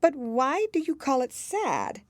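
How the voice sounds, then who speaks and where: A woman's voice: high-pitched, sing-song, measured pace, no echo, pitched above the performer's own voice. A woman voicing an earnest, polite young girl who talks eagerly and humbly in a storybook reading.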